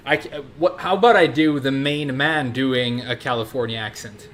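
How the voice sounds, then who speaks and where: A man's voice: mid-range voice, normal speed, very noisy. A man in his thirties from Sweden, chatting casually in a rambling way while commenting on his own gameplay. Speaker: game streamer.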